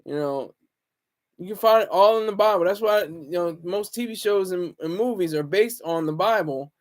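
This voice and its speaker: A man's voice: high-pitched, normal speed. A man talking in a casual, rambling monologue, often restarting his sentences and chuckling to himself. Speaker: vlogger.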